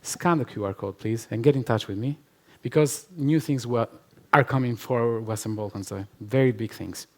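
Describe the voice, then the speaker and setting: A man's voice: medium pitch, moderate pace, hardly any pauses, darkish tone. A man giving a conference talk and answering audience questions, emphatic and repetitive, laughing often. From Albania. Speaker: conference speaker. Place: conference hall with live audience.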